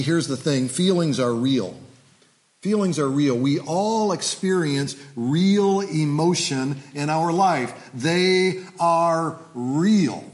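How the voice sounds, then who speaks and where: Man preaching with call-and-response. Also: fairly high pitch. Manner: repetitive, call-and-response, frequent "uh" fillers. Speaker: pastor. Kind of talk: sermon.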